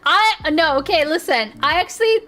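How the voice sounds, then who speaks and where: A woman's voice: very high-pitched, animated, normal speed, fairly bright tone. A young woman streaming live, chatting casually in a giggly, rambling way with lots of restarts. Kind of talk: casual livestream chat.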